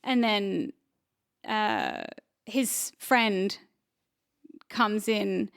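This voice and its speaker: A woman's voice: medium pitch, sing-song, very slow, vocal fry, fairly bright tone, no room sound, studio quality. A woman, an actor and comedian, telling a story in a rambling, casual way, with lots of fillers and restarts. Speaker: podcast guest, actor and comedian. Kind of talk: casual chat.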